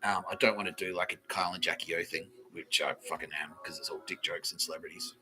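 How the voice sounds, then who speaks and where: A man hosts his own comedy podcast, talking in a loose, rambling monologue that keeps breaking into giggles and swearing. His voice has a bright, forward edge. Faint music sits behind him. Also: low-pitched, steady tone, fast. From Australia. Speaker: podcast host.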